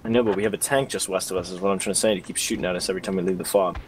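A man acting as squad leader in a game, giving brisk, flat callouts over voice chat. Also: low-pitched, a little hiss or hum.

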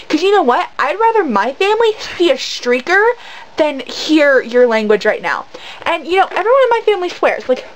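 A woman with a high voice vlogs to camera. She tells her story in a rambling way, with lots of fillers and an indignant edge. A faint hiss runs under the recording. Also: big pitch swings, brisk, rough recording. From United States. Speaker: vlogger. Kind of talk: casual storytelling rant to camera.

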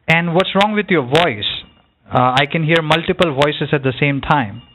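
A man's voice: on the high side, normal speed, a bit bright, a little hiss or hum. A man posing as a call-center supervisor on a phone call, insistent and repeatedly checking that he is heard.

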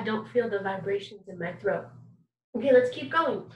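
Lively intonation marks this woman's slightly high voice as she teaches young children music in a recorded online lesson, moving at a moderate pace. Encouraging and patient, she asks questions and sings examples; the low-quality audio is echoey and picked up from a distance.

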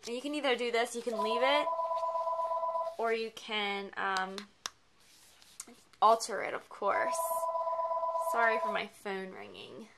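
A woman craft vlogger chatting casually as she unboxes a gift package, gushing and excitable, often gasping with delight. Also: fairly high pitch, unhurried, pauses often, very noisy.

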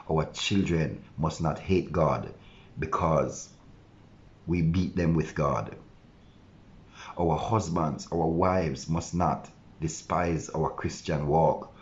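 A male pastor delivers an earnest devotional sermon in a very low, deep voice. He preaches with conviction and sometimes voices his listeners' objections to answer them. The recording sounds dull and lo-fi. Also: a little mellow.

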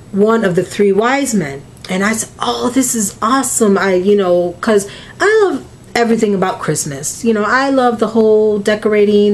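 A woman's voice: medium pitch, a little hiss or hum. A woman, opening mail on a crafting vlog, gushing and emotional, close to tears. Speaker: crafting vlogger.

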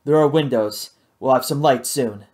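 A reader playing a gruff, practical young man in a storybook reading. He speaks low and clipped, dropping well below the narration, plain and matter-of-fact. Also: normal speed, darkish tone, lightly acted. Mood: terse. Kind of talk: audiobook character voice.

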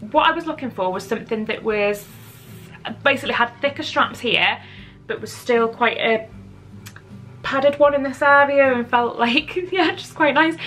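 In a relaxed product chat to camera from her home, this beauty vlogger giggles a lot and pokes fun at herself. Her voice is high-pitched, bright and forceful.

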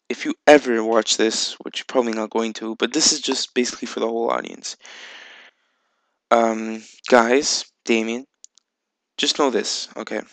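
A man's voice: medium pitch, gravelly, no room sound, rough recording. A man hosting a casual video game vlog, rambling with lots of fillers and casual swearing. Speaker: video game channel host. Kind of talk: casual gameplay vlog chat.

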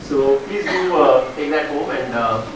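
A man's voice: mid-range voice, unhurried. Grey-haired man joking in echoey hall. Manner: chatty, joking, many fillers. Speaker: workshop speaker. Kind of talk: workshop talk with anecdotes. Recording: echoey hall from far off, noisy.

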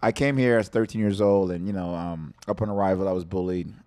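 A man's voice: low-pitched, fast talker, warm tone. A man from Jamaica, a podcast guest, telling stories in a laid-back casual chat and swearing freely.

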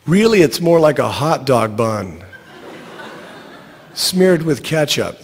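A man reading a short story aloud in a wry, deadpan storytelling voice. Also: on the high side, slow pace, long reverb tail, a little hiss or hum. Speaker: narrator.

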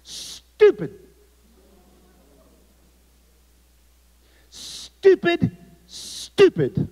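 A man acting out a scornful old woman schoolteacher who yells mockingly. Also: very high-pitched, huge pitch swings, extremely slow, pitched above the performer's own voice, exaggerated voice. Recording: echoey, dull lo-fi sound.

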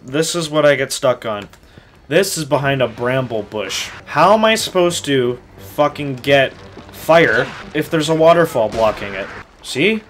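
A man playing a video game with casual let's play commentary, excitable and swearing constantly with loud outbursts. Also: medium pitch, a little slow, a little hiss or hum. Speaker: gamer playing through a game.

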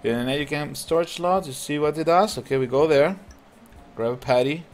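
A man hosting a gaming channel, chatting excitedly and laughing as he comments on a mobile cooking game. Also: fairly high pitch, normal speed. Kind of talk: casual gameplay commentary. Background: game music.

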